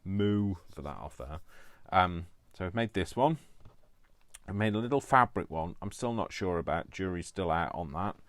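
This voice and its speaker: A man with a low, animated voice, recorded dry and speaking at normal speed, hosts a crafting video. He chats casually while he works, rambling to himself, poking fun at himself, and often dissolving into fits of giggling.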